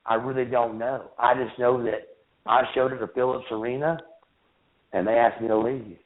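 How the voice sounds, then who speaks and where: A man in his thirties, a guest talking about a painful memory, halting and repeating words. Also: medium pitch, steady tone. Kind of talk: emotional interview recollection. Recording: phone-line call-in audio.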